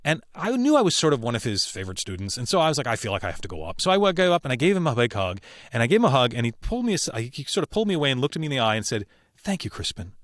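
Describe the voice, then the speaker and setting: A man who works as a voice actor, telling personal stories as a podcast guest in an earnest, emphatic way with slow, weighty pauses. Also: a little high, very animated, dry recording, studio quality. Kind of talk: reflective interview storytelling.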